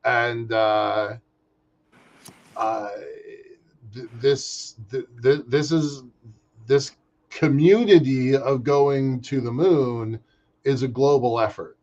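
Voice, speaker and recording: A man co-hosting a podcast, chatting casually about space industry news in an animated way, often restarting his sentences. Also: medium pitch. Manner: animated, halting with restarts and fillers. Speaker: podcast co-host. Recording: muffled lo-fi audio.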